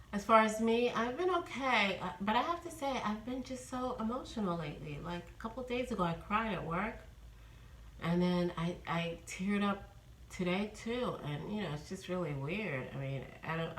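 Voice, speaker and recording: A woman's voice: mid-range voice, a bit bright, echoey room, rough recording. A woman in her fifties from New York, chatting casually in a rambling vlog update with many ums. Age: 50s. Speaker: vlogger.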